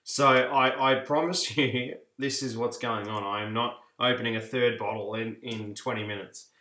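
A man's voice: mid-range voice, steady tone, normal speed, pushed and bright, echoey room. An Australian man co-hosting a casual podcast chat, telling stories and laughing as he talks. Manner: chatty storyteller, laughs while talking. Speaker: podcast co-host.

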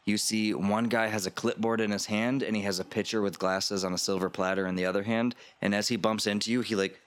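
Low-voiced casual game master. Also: male voice, steady tone, brisk, no echo. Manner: casual, loose narration with fillers. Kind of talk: narrating a tabletop game.

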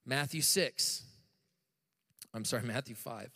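A young adult man, a pastor, preaching an animated sermon and asking his listeners questions. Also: mid-range voice, slow pace, vocal fry.

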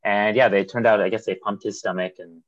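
A man with a fairly low voice tells a rambling story on a podcast, slipping into quoted dialogue and laughing as he goes. The sound is a bit muffled and lo-fi. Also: steady tone, brisk, crowd noise. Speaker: podcast co-host. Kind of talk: casual storytelling chat.

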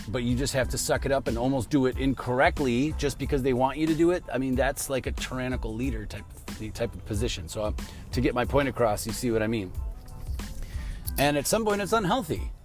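A man's voice: medium pitch, a little fast, a little mellow. Middle-aged man, podcast host talking on the drive to work, loose and rambling, faint music underneath. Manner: rambling, conversational, laughs easily. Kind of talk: casual chat while driving to work. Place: in a car.

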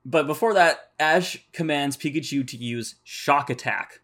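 A man's voice: a little high, unhurried, a bit bright. A man co-hosting a casual podcast, recapping episodes with nerdy attention to detail. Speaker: podcast co-host.

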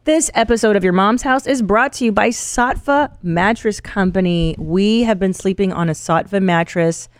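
A woman's voice: medium pitch, normal speed, hardly any pauses, no room sound, faint music behind. A woman co-hosting a comedy podcast, reading a sponsor ad in an enthusiastic, chatty way. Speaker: podcast co-host reading ads. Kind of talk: casual ad read.

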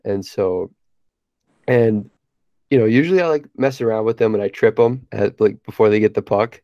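A young man co-hosting a podcast, telling a long story in a relaxed way, laughing often and filling with "like". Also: fairly low pitch, moderate pace, no room sound, dull audio. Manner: laid-back storyteller, laughs often, many fillers. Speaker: podcast co-host. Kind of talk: casual chat.

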